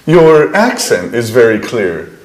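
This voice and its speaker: A friendly young American flatmate, in a language-course drama. He talks slowly with a lively, rising and falling voice. Each line is enunciated plainly for learners. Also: mid-range voice. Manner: slow, clearly enunciated lines. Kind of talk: scripted drama dialogue for learners.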